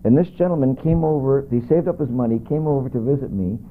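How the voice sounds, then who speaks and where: A man's voice: medium pitch, fast. A guest musician, a man, chatting casually and telling rambling, enthusiastic stories. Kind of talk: casual chat. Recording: tinny lo-fi videotape audio.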